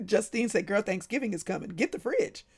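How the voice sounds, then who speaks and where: A woman's voice: mid-range voice, animated, unhurried, slightly rough. A woman hosting a casual livestream, laughing often and calling her viewers by name. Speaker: livestream host.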